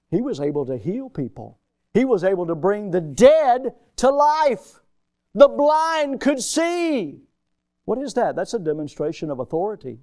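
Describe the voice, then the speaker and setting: A man preaching a sermon as pastor, emphatic, swinging between loud and soft, and calling out to his congregation. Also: high voice, dry recording. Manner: calls out to the congregation.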